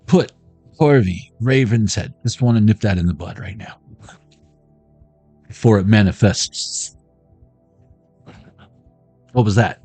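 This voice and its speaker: A man's voice: on the low side, slow pace, pauses often, a little mellow, dry recording, faint music behind. Playful, wisecracking middle-aged man, dry close sound. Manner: playful, riffing jokes and pop-culture asides. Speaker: card reader streaming to viewers. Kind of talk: casual joking live reading.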